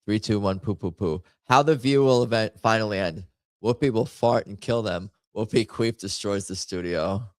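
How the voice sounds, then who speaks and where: A man with a fairly low voice chats casually while he plays a party game on stream. He rambles and jokes at his own expense. The sound is dry and close, with no room echo. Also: moderate pace. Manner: rambling, jokey, self-mocking commentary. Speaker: stream host playing party games.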